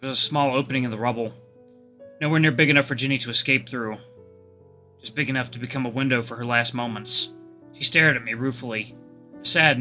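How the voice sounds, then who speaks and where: A man's voice: medium pitch, sharp tone. A man hosting a let's play, chatting upbeat to viewers and reading a visual novel's narration aloud. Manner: chatty, upbeat, reacts with curses.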